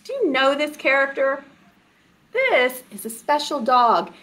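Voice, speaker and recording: Animated, sing-song woman leading storytime. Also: sits high, measured pace. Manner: animated, sing-song, coaxing questions to children. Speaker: children's librarian. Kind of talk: storytime for young children.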